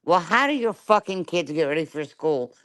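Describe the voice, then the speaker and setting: Middle-aged woman streamer, clear voice, furious and foul-mouthed, hammers every point with "right?". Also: lowish voice, expressive, moderate pace, fairly bright tone. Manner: profane, confrontational, keeps asking "right?". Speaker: livestreamer. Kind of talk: angry live-stream rant.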